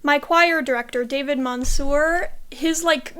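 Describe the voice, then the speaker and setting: A woman's voice: sits high, a little slow, a bit bright. A young woman, a theatre historian appearing as a podcast guest, chatting in a friendly, enthusiastic way. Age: young adult. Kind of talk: casual podcast chat.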